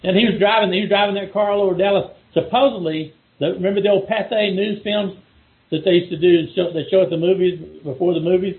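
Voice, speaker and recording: A man's voice: sits high, fast. A middle-aged man from Texas with a Texan accent, rambling in casual chat with many restarts and repeated words as a guest on a call. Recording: phone-like call audio.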